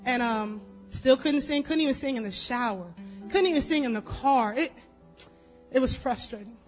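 A woman's voice: sits high, moderate pace, faint music behind, poor audio. A woman giving a personal testimony at a church service, telling her story casually with lots of fillers. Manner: chatty, storytelling, many fillers.

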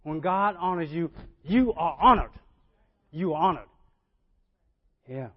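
A man's voice: fairly high pitch, lively intonation, unhurried, long pauses, dull audio. A male pastor delivering a sermon conversationally, often checking in with the congregation.

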